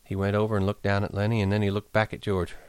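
A man reading a novel aloud in a measured, even storytelling manner. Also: fairly low pitch, clear, resonant tone, dry recording. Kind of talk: audiobook narration.

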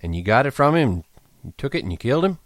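A man's voice: mid-range voice, very animated, quick pace, no echo, pitched above the performer's own voice, close to an everyday voice. A man voicing a blunt, callous ranch hand who asks prodding questions in an audiobook reading.

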